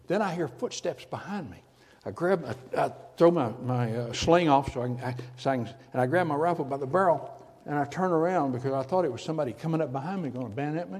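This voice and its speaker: Older man, hushed dramatic testimony. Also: fairly high pitch, animated, fast talker, in a large hall. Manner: drops from loud to hushed near-whisper for effect. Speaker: speaker giving a testimony. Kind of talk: dramatic personal storytelling to an audience.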